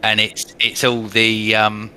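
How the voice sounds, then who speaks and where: Bright-voiced English man, blunt banter. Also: lowish voice, monotone, slow, slight background noise. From England. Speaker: podcast co-host. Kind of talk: casual chat.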